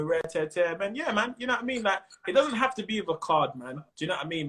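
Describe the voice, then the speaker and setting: A high, bright-voiced man with a London accent talks in a relaxed interview. He is animated, peppers his talk with street slang and keeps slipping into quick impressions of other people. His tone is sharp and forward. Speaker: comedian guest. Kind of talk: casual interview chat. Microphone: Instagram live stream.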